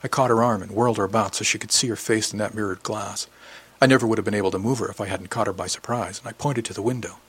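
A man reading a first-person novel as an audiobook narrator, measured and close to the mic. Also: on the low side, fairly even intonation, a bit bright, slightly rough.

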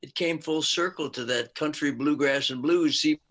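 A man's voice: fairly high pitch, moderate pace, a bit bright. An older man, an actor and musician, chatting casually in an interview, rambling with asides and frequent laughs.

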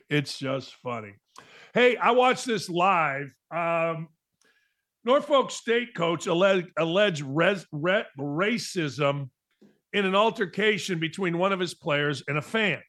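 A man's voice: a little high, fairly bright tone. A middle-aged man hosting a sports talk show, delivering a blunt, emphatic monologue with a mocking edge.

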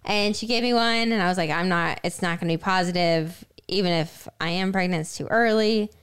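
A woman's voice: fairly low pitch, fairly quick, smooth. A young woman co-hosting a podcast, telling a personal story in casual chat with lots of fillers. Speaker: podcast co-host.

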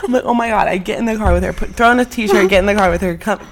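A woman's voice: medium pitch, fast talker. A woman in her twenties, a podcast co-host in casual chat, telling a story and acting out her friends' lines.

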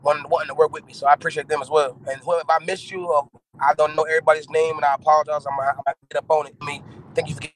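A man from North Carolina, talking excitedly and gratefully as a guest while calling in from a moving car. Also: fairly high pitch, racing, a little hiss or hum, poor audio. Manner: grateful, excitable, laughing often. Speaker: rapper, guest. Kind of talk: casual interview.

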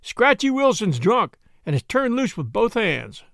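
A man's voice: high-pitched, big pitch swings, normal speed, a bit bright, no echo, clean studio sound, full character voice. A man voicing an urgent young townsman giving a warning in a storybook reading. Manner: urgent, emphatic.

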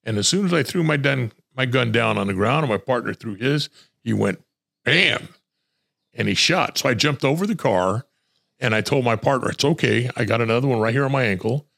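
A man's voice: mid-range voice, brisk, gravelly, fairly bright tone. An older man, a retired homicide detective telling blunt, profane war stories in an interview. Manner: blunt, profane, acts out quoted voices. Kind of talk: storytelling in a podcast interview.

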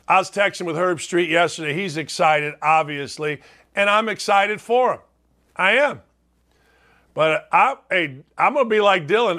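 Loud, bright-voiced ranting sports host. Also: male voice, high voice. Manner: animated, self-mocking, loud ranting with acted-out quotes. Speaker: sports talk show host. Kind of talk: casual sports talk monologue.

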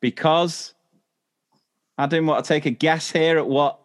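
A man's voice: fairly high pitch, steady tone, a little slow. A British man co-hosting a chatty podcast, reading listener stories aloud and often breaking into laughter. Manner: giggly, laughs often through his reading. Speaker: podcast co-host.

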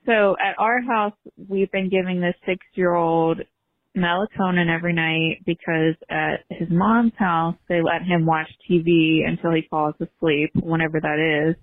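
A woman's voice: on the low side, steady tone, a little slow, dry recording. A woman calling in to a podcast and explaining her question as a stepmother, step by step. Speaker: caller. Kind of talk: phoned-in question. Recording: tinny phone line.

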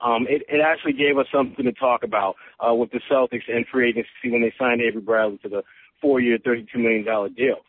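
A man's voice: mid-range voice, steady tone, fast, dry recording. Guy on a phone line breaking down basketball, trips over his words, tinny dry sound. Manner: thinking aloud, stammering restarts. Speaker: sports reporter guest. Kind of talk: phone-in podcast analysis.

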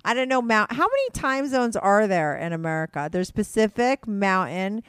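A woman hosting a podcast in casual chat, talking fast and rambling, excited and hyper after a date. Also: medium pitch, clean tone, dry recording, clean studio sound. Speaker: podcast host.

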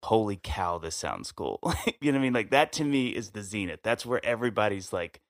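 This fairly low-pitched man talks briskly on a dry, clean studio recording. He co-hosts a podcast, telling stories animatedly in casual chat and laughing often.

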